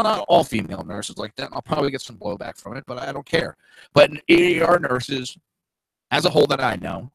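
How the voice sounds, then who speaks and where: A man's voice: mid-range voice, gravelly, fairly bright tone, dry recording, poor audio. A middle-aged man hosting a political talk show, blunt and profane, with mocking asides.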